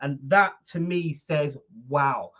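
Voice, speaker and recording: A woman co-hosting a casual football discussion livestream. She tells her points with emphatic, animated delivery and talks over interruptions. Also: low-pitched, takes it slowly. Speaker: co-host of a football discussion show. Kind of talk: casual sports chat on a livestream. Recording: dull lo-fi sound over a weak internet link.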